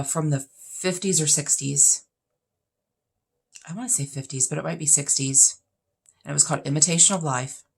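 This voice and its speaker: A woman in her fifties, a vlogger chatting casually through a list of questions, blunt and opinionated with plenty of emphasis. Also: sits low. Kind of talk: casual chat answering questions.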